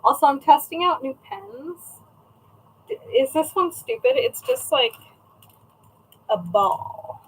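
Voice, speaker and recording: Woman, 30s, fairly high voice; loose, chatty shop-owner livestreamer who rambles and greets viewers. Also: sing-song, slow pace, long pauses, low-quality recording. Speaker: craft shop owner streaming live. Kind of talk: casual livestream chat. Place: at home, indoors. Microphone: camera set up at a desk.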